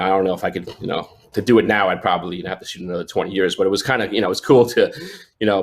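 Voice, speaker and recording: Rambling low-voiced man telling a story. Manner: rambling, many restarts and fillers. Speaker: sports photojournalist guest. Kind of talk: casual storytelling chat.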